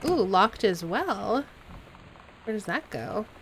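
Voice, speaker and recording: A woman streaming a game live, talking to herself as she pokes around and reads out clues. Her voice is even and conversational, wandering between puzzled muttering and little explanations. A faint hiss runs underneath. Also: mid-range voice, slow, rough recording. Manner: musing aloud, puzzling over clues.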